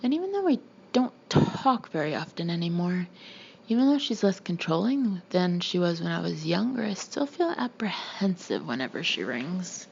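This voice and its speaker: A woman's voice: on the low side, very animated, moderate pace, creaky, a little mellow, muffled recording, slight background noise. A woman reading a first-person audiobook chapter, voicing the characters lightly. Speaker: audiobook reader. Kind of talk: audiobook narration with character voices.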